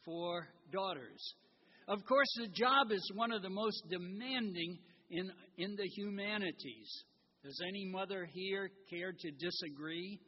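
Slow, husky older man preaching. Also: sits high. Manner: slow, warm storytelling with gentle humor. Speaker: guest preacher. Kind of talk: sermon with a read-aloud story. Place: church sanctuary. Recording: dull recording in a large reverberant church.

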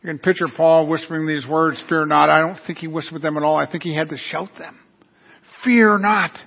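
A man's voice: fairly high pitch, level tone, fast, gravelly, husky. A man preaching an earnest, storytelling sermon. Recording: dull lo-fi recording.

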